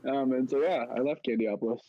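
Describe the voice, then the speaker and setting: A man's voice: medium pitch, fast talker, highs cut off. A young man co-hosting a podcast, telling stories in casual chat and acting out what people said. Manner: animated, acts out quotes in a raised voice. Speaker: podcast co-host.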